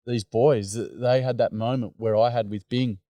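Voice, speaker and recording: Speaking at a normal pace in a steady, mellow mid-range voice with no echo, a middle-aged Australian man recounts stories from his boys' workshops. His storytelling is earnest and wandering, peppered with "um" and "mate."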